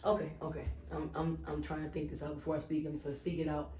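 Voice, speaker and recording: A man's voice: a little high, completely flat delivery, fast, a little mellow, slight background noise. A man co-hosting a casual podcast about faith, exclaiming in reaction and building his points with repeated "right?". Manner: emphatic, exclaims "Lord" and "Jesus" in reaction. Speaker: podcast co-host. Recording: roomy sound, distant from the mic.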